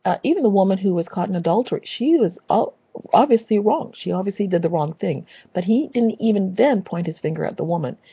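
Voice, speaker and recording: A woman's voice: medium pitch, lively intonation, brisk, breathy edge, no echo, highs cut off. A woman delivering an impassioned, preachy religious rant, repeating phrases for emphasis. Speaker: Christian video blogger.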